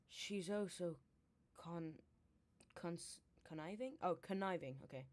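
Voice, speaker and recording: Chatty low-voiced woman reading aloud. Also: slow. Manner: stumbles and restarts over words, chatty asides. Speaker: book reader and streamer. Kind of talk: casual read-aloud with commentary.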